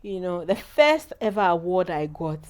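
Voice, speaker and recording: Animated Ghanaian woman telling a story. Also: fairly low pitch, moderate pace. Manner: animated storyteller, acts out quoted voices. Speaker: guest, cake business founder. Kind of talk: casual interview talk.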